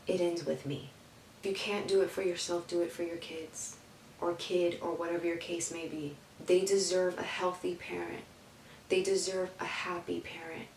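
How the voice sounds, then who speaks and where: A woman's voice: lowish voice, a little mellow, reverberant, recorded from a distance, a little hiss or hum, low-quality recording. A young woman giving heartfelt life advice in an emphatic way, repeating phrases for stress. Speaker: advice vlogger.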